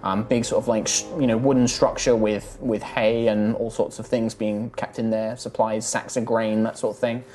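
A man's voice: on the low side, flat delivery, normal speed, few pauses, a little mellow, faint music behind. A man narrating a tabletop game as game master, with casual, rambling descriptions full of ums.

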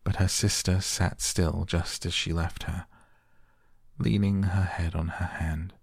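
Slow, deep, gravelly bedtime narrator. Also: male voice, no room sound, clean studio sound. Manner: soft, unhurried. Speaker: audiobook narrator. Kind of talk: soothing bedtime story reading.

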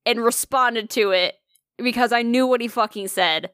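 A bright, lively woman co-hosting a casual podcast. She swears freely and wanders off into quick tangents as she talks. Her voice is close to the mic and dry, with no room sound behind it. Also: a little high, clean tone, no echo. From Northern Virginia area. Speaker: podcast co-host. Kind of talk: casual chat.

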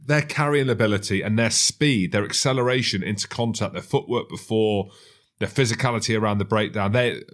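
A man's voice: lowish voice, fairly quick, a bit bright. A man hosting a sports podcast, enthusiastic and teasing in casual banter. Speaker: podcast host.

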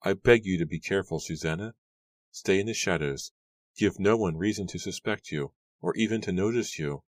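A man's voice: low-pitched, lively intonation, normal speed, no room sound. A man voicing a stern, fearful Puritan mother who scolds her daughter disapprovingly in an audiobook reading. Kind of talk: audiobook character voice.

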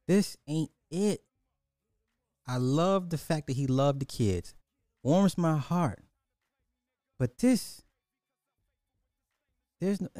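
A man's voice: on the high side, slow pace, long pauses, no echo, clean studio sound. A man hosting a reaction video, talking casually with jokes and bursts of laughter. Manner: animated, joking, breaks into laughter.

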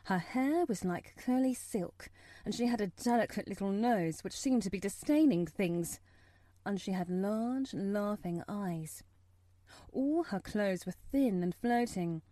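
Woman, audiobook narration, measured and expressive, mid-pitched voice, dry recording. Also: dry recording.

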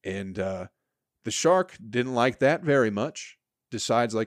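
A man's voice: medium pitch, lively intonation, a little slow, dry recording, studio quality. A man around forty, hosting a solo comedy podcast and rambling crudely with profane, sarcastic asides. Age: 40s.

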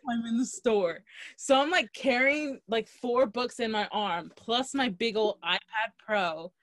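A young woman co-hosting a podcast, telling a story in a lively, laughing way and acting out what people said. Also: a little high, a little slow, dry recording, studio quality. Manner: animated, laughing, acts out quotes. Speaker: podcast co-host. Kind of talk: casual storytelling chat. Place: Los Angeles.

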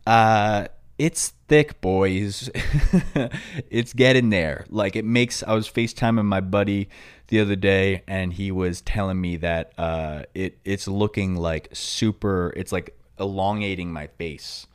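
Young male podcast host with a New York accent, lowish voice, rambling and loose with sudden loud bursts. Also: measured pace, clean tone. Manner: rambling and filler-heavy, breaking into loud excited outbursts. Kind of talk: casual chat.

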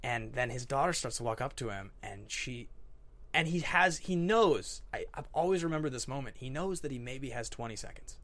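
A man's voice: mid-range voice, normal speed. A man hosting a casual movie podcast, talking animatedly and acting out scenes he loves. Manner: animated, acts out movie scenes in quoted voices. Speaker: podcast host.

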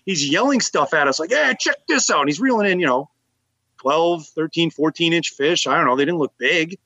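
A man's voice: a little high, a little fast, no room sound, dull audio. A man who is a guest on a casual podcast, telling fishing stories and laughing a lot. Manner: animated, laughing anecdote-teller. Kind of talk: casual chat.

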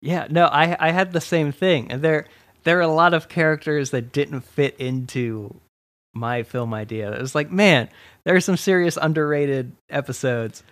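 Young man with a slightly high voice, recorded close and dry, chatting loosely with his co-host and chuckling as he reacts. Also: normal speed, a bit bright, no echo. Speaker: podcast co-host. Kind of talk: casual chat.

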